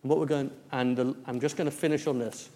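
A man's voice: medium pitch, steady tone, fast talker, warm tone. A man, preaching a testimony story in a church hall with many fillers and restarts. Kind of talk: sermon testimony.

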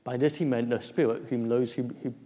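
A man's voice: mid-range voice, fairly even intonation, a little fast, warm tone. A man, preaching a testimony story in a church hall with many fillers and restarts. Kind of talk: sermon testimony.

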